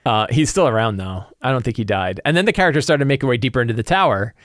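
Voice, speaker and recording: A man's voice: medium pitch, very fast, no room sound, clean studio sound. Chatty man recapping a game session. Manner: animated storyteller, loose and chatty, many fillers like "like". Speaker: game master and tabletop RPG content creator. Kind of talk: casual recap and campaign-prep chat.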